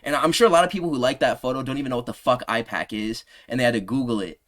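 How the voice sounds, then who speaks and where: A man in his twenties, an MMA commentary creator, rants heatedly and combatively in a video, racing along with heavy profanity and a fairly bright tone. On trailing asides his voice sinks low, dropping in pitch on a trailing "bro."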